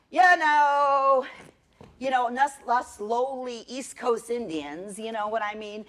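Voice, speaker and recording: Middle-aged woman, stage storyteller, sardonic and salty, animated delivery with wide pitch swings. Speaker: solo performer. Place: theater stage.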